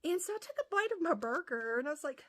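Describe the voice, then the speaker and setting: A woman's voice: sits high, big pitch swings, fast talker, fairly bright tone. A woman from West Virginia with an Appalachian accent, telling a casual story full of fillers and restarts. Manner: rambling, many fillers and restarts. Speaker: comedian vlogger.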